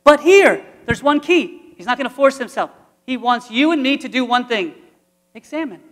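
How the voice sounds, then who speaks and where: A man's voice: very high-pitched, expressive, moderate pace, fairly bright tone, big-room sound. A man, a priest, preaching an earnest, conversational sermon full of repetition.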